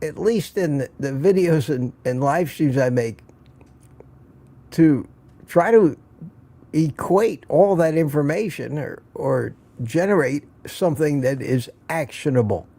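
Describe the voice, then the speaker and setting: A man's voice: a little high, animated, measured pace, dark tone. An older man hosting a casual morning livestream, musing and rambling, a bit out of breath, with sighs and restarts. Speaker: livestream host.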